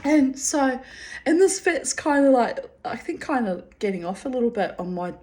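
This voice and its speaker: A woman's voice: high voice, big pitch swings, moderate pace, dark tone. A woman telling a personal story in a casual, candid way, often breaking into giggles and swearing freely. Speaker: storyteller reading her own diary.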